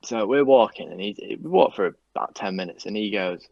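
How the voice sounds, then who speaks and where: Young guy with a lowish voice, sweary and rambling, telling a story over a dull, muffled mic that sounds dry and close. He fills gaps with "like" and "um". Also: animated, fairly quick, vocal fry, darkish tone, dry recording. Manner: rambling, sweary, many fillers. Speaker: police staff guest. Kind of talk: casual anecdote telling.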